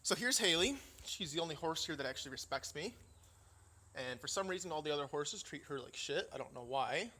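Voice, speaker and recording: Here a young Indiana vlogger strolls around a farm, breathless and griping with plenty of profanity. He speaks briskly in a highish, lively voice that sounds pushed and bright, over slight background noise and the faint sound of insects and crickets.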